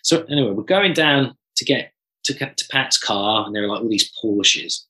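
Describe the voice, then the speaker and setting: Male drummer, bright voice, lively anecdotal chat, swears freely. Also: mid-range voice, normal speed, poor audio. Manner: animated storyteller, swears casually. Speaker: drummer guest. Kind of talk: casual podcast chat.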